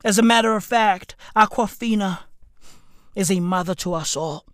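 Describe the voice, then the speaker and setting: A woman giving a sarcastic, mock-solemn commentary rant, full of slang and profanity, that swings to sudden shouts. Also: medium pitch, normal speed, dry recording, studio quality. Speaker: online commentator.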